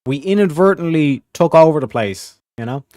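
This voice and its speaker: A man's voice: a little high, expressive, moderate pace, darkish tone, no room sound, studio quality. A man hosting a livestream, chatting casually and rambling with plenty of "like" and swearing. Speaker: livestream host.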